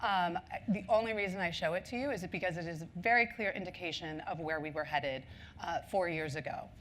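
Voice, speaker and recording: Woman on stage doing a marketing talk, lower voice, lots of ums, storytelling vibe, a little noise behind. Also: brisk, a bit bright. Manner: chatty storyteller with many ums and asides. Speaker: conference speaker on marketing. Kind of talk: conference talk.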